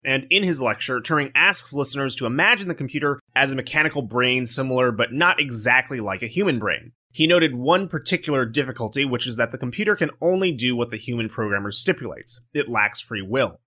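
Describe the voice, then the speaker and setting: Bright-voiced man reading a podcast script. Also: medium pitch, lively intonation, fairly quick, few pauses. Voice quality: programmer speaking. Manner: reads a prepared script, breaks off for dry jokes. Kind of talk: scripted narration with asides in a podcast chat.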